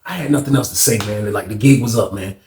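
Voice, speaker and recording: A man telling a story casually, animated and slangy, acting out the people in it. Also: on the low side, fast talker, a little hiss or hum. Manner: animated, acts out voices, slangy and profane. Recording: roomy echo.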